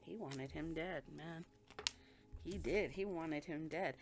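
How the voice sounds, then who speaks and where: Blunt, profane woman with a lowish voice. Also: takes it slowly, faint music behind. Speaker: spiritual reader. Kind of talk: intuitive reading monologue.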